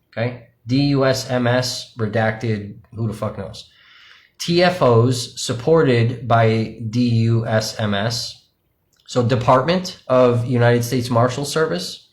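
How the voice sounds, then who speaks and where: Profane, chatty man in an echoey room. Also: medium pitch. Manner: profane, conversational, addresses viewers directly. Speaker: independent livestream journalist. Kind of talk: casual explanatory talk to viewers. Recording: roomy echo.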